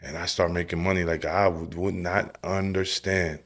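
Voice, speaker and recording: Here a deep-voiced man at normal speed relates his personal testimony in a podcast interview. Streetwise and direct, he says "bro" and "yo" and animates the story by performing things he used to say.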